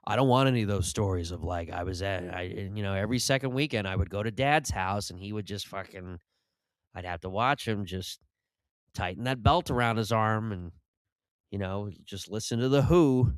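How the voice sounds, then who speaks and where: A man's voice: fairly low pitch, moderate pace, clear, resonant tone, no room sound. A man hosting a comedy podcast, rambling through a casual monologue with restarts and sudden mock-ad bursts. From Irish family background. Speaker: comedian host.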